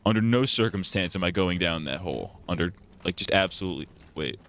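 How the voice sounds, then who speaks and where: Man, live streamer, deep voice, rambling jokey gaming commentary, self-mocking. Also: animated, fairly quick, fairly bright tone.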